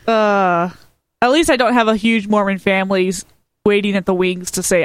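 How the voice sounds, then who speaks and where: A woman co-hosting a casual podcast, bubbly and joking, talking excitedly. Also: medium pitch, normal speed, long pauses, no room sound. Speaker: podcast co-host. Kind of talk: casual chat.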